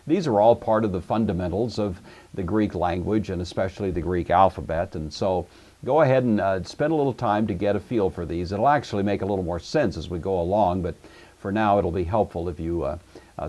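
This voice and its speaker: A man giving a recorded language-course lecture, explaining step by step in a measured way with frequent "uh" fillers. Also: sits low, darkish tone. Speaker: Greek teacher.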